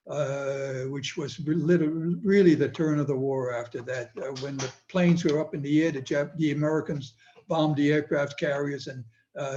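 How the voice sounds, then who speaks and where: A man's voice: on the high side, dark tone. Older man telling a wartime story. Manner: vivid storytelling, acts out voices in quotes. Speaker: Holocaust survivor speaker. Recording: dull lo-fi sound with faint noise.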